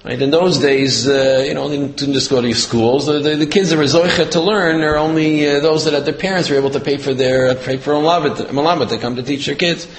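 Man, religious teacher, storytelling sermon, halting, fillers, slightly high voice, echoey room. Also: steady tone. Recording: roomy echo.

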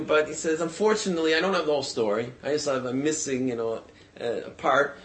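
A man retelling a religious story in a casual, halting way, full of fillers and restarts. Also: a little high.

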